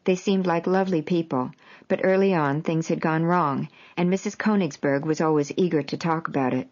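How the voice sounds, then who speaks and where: A woman with a very low voice reads her memoir in a measured, even manner. The recording sounds dull and lo-fi, lacking top end.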